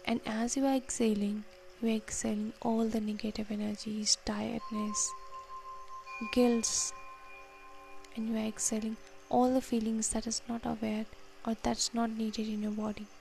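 A woman leading a guided meditation, counting breaths and giving slow, soft, calm instructions. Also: a little high, creaky, soft background music.

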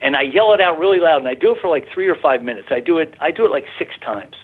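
A man calls in to a radio talk show and tells his story in a rambling, halting way, restarting sentences and growing excited. His voice is husky and comes through a thin, tinny phone line. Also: fairly high pitch. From Arizona, USA. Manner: rambling, repeats words and restarts, grows excited. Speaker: radio guest.

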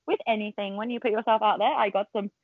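A woman guests on a podcast over a remote call, chatting bluntly and animatedly and swearing freely in a casual interview. Her mid-range voice is fast but fairly even in intonation, with no echo, though the call audio is tinny and phone-like.

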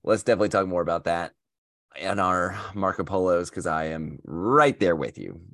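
A man co-hosting a podcast, telling a story in an animated, self-mocking way. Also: low-pitched, moderate pace, dry recording, studio quality. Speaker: podcast co-host. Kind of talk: casual podcast chat.

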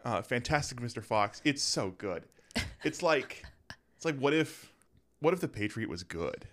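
A man's voice: mid-range voice, big pitch swings, normal speed, a bit bright. A young man co-hosting a podcast in casual chat, enthusiastic and often repeating words as he starts a sentence. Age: young adult. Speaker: podcast co-host.

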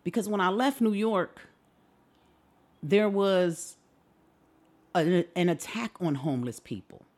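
A woman's voice: on the low side, slow, long pauses, a little mellow. A woman hosting a solo podcast, talking in an impassioned, indignant way and asking rhetorical questions. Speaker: podcast host. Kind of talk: opinionated solo podcast commentary.

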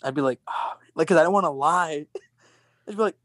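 A man's voice: on the high side, fairly quick, a bit bright. A young man co-hosting a casual chat with friends, rambling through stories with lots of "like" and frequent laughter. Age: young adult. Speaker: podcast co-host.

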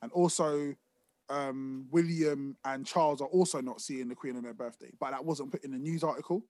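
A young man telling stories on a podcast, animated and swearing, often laughing. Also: medium pitch, moderate pace, no room sound, clean studio sound. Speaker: podcast co-host. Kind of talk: casual chat.

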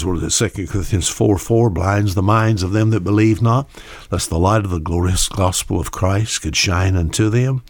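Man preaching, low voice, folksy storytelling, acts out voices, dry close sound. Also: dry recording. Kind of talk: sermon.

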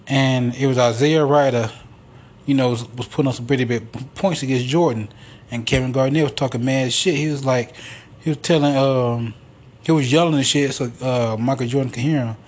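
Man, husky, podcast host, casual solo talk, rambling, profane storytelling. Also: mid-range voice, steady tone, normal speed, darkish tone.

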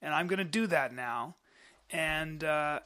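A man's voice: fairly high pitch, measured pace, very noisy. A man co-hosting a comedy podcast, brash and combative, swearing in playful banter. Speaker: podcast co-host.

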